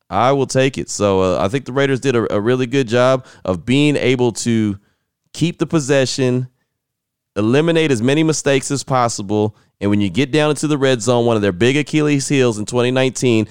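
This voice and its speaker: A man talks through his sports podcast in an easy, chatty way and reads the sponsor spots in the same relaxed tone. His voice is smooth and resonant. The sound is dry and close, with no room around it. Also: mid-range voice, no room sound. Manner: casual, chatty, laughs at himself. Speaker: podcast host.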